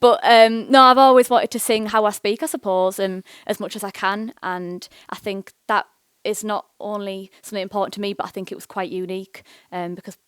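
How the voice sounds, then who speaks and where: A woman's voice: medium pitch, steady tone, fairly quick, fairly bright tone, smooth, no room sound. A woman with a Teesside accent who enunciates every word, answering questions as a singer-songwriter guest at a live interview in a bookshop. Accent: Teesside English.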